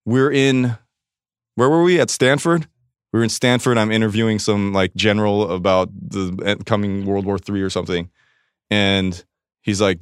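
A man's voice: lowish voice, brisk, smooth, no room sound, studio quality. A man, a guest on a podcast, telling a candid confessional story in a rambling, profane way, often quoting himself and restarting his sentences.

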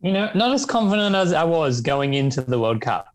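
A man from Australia co-hosting a sports podcast, giving measured, thoughtful opinions. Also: fairly high pitch, sing-song. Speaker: podcast co-host. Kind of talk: casual sports podcast chat.

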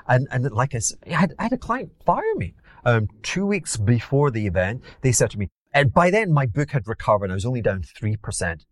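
Speaking briskly in a mid-range voice, a Scottish man from Glasgow shares animated stories as a podcast guest, drawing on his past as a hedge fund manager. The sound is clean studio audio with no echo. He plays out quotes theatrically and often mocks himself.

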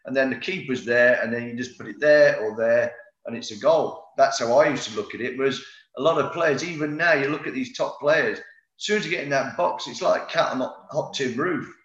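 The former footballer, a middle-aged man, talks a little fast in a mid-range, slightly bright voice. Captured in a roomy, somewhat dull recording, his casual interview anecdotes wander, packed with fillers and false starts.

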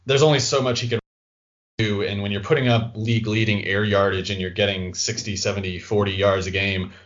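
A man giving casual sports analysis on a podcast, animated and quick, sometimes mocking other people's voices. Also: on the low side, lo-fi sound. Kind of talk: casual fantasy football analysis.

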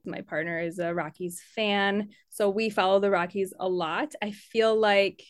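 A woman's voice: mid-range voice, fairly even intonation, measured pace, no room sound, clean studio sound. A woman co-hosting a fan podcast in upbeat, chatty conversation, laughing often. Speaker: podcast co-host. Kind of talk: casual chat.

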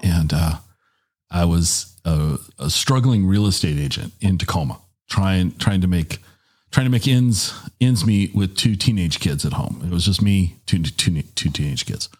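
Middle-aged man, husky low voice, casual animated storyteller. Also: measured pace. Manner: animated, jumps up in pitch for quoted voices.

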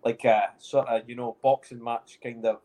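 A man with a Scottish accent hosting a podcast, teasing his co-host in casual banter with quick laughs. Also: medium pitch, level tone, dark tone, slight background noise. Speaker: podcast host, former footballer. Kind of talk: casual chat.

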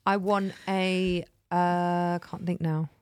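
A woman's voice: fairly low pitch, level tone, takes it slowly, darkish tone, smooth, no echo, studio quality. A woman co-hosting a podcast, teasing and giggly, steering the casual chat. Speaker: podcast co-host.

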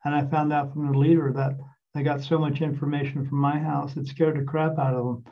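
A man's voice: a little high, little pitch movement, a little fast. A man in his fifties from New Jersey, telling a long personal story in a rambling, earnest way with many restarts. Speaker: guest. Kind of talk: casual storytelling. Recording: distant, dull lo-fi sound.

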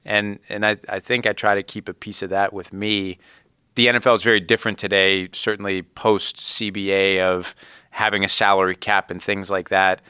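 A man's voice: on the low side, flat delivery, normal speed, bright, forceful tone, clear, resonant tone, dry recording, studio quality. A man in his thirties from Ohio, a sports executive answering interview questions in an earnest, reflective way. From Ohio, USA. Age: 30s. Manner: earnest, reflective, frequent "you know". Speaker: sports team executive, guest. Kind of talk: conversational interview.

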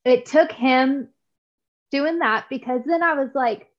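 A woman guest speaks earnestly and from the heart, often breaking off and restarting her sentences. Her voice sits fairly high. The sound is dull and lo-fi. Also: measured pace. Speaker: podcast guest. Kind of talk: conversational interview.

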